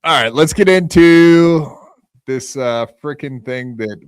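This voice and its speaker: A man's voice: a little high, slow pace, smooth, no echo, clean studio sound. Casual, rambling male podcast host. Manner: loose, profane, rambling with many fillers.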